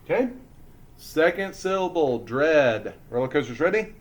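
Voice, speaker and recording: A man teaching a lesson to young children, speaking slowly and deliberately as he sounds out letters and syllables. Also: mid-range voice, lively intonation, highs cut off.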